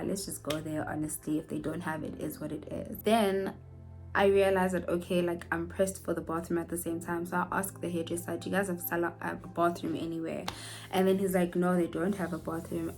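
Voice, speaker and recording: A young woman from South Africa telling a personal story to her viewers in a storytime vlog. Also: lowish voice. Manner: animated storytelling, addresses viewers as guys. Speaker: YouTuber. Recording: faint background music.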